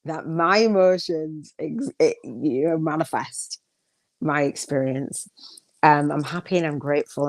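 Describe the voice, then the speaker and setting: Low-voiced woman podcast host musing. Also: a little mellow, dry recording. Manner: rambling, with restarts and affirmations. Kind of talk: casual reflective solo podcast.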